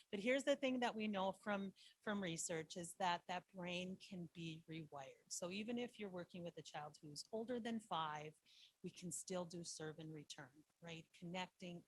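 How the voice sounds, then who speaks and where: A woman's voice: fairly low pitch, breathy edge. A woman, a school social worker, giving a presentation to foster parents and quizzing her listeners with frequent "right?". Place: online meeting.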